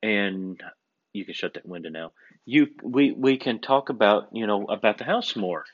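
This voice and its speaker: Guy, lowish voice, casual storytelling, does the voices, kinda muffled lo-fi sound. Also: moderate pace. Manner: animated storyteller, acts out quoted voices. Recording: dull lo-fi recording.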